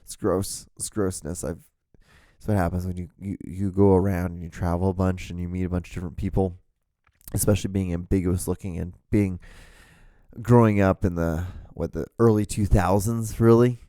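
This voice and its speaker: A man's voice: deep voice, little pitch movement, normal speed, warm tone, no echo, clean studio sound. A man in his thirties hosting a podcast alone, rambling casually with lots of fillers, restarts and swearing. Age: 30s. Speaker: podcast host.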